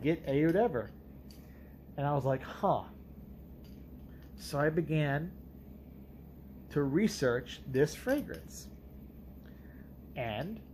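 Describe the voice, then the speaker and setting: A man's voice: mid-range voice, darkish tone, slight background noise, rough recording. A man reviewing perfumes in a casual monologue, talking bluntly and emphatically with some profanity.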